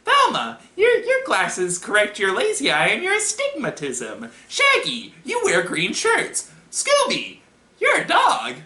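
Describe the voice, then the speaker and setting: Steve Urkel, squeaky nerd. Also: male voice, unhurried, exaggerated voice. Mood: excited. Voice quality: squeaky, annoying. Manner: excited, punning, talks in bursts. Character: squeaky nasal nerdy young man, eager and goofy. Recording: echoey room.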